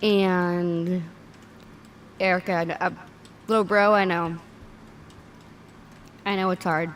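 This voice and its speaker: A woman's voice: fairly low pitch, level tone, slow pace, a little hiss or hum. A woman hosting a livestream, speaking earnestly and close to tears. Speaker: livestream host. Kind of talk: emotional livestream commentary.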